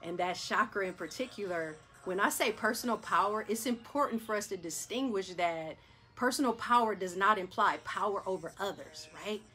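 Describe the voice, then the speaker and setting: A woman hosting a chakra meditation session who talks in a chatty, excitable way and keeps turning to her listeners with questions. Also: mid-range voice. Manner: chatty, addresses listeners as y'all, repeats "right?"; gets hyped, then slows and softens for breathing. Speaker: wellness host leading a chakra meditation. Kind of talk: animated guided meditation talk.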